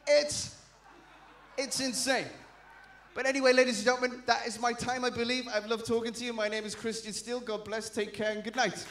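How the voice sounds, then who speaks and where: A man's voice: extremely high pitch, level tone, fairly bright tone, slight background noise. A man with a Geordie accent doing a brash, bawdy stand-up routine on a showcase stage. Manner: brash, bawdy, quick punchlines. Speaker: stand-up comedian. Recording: echoey venue.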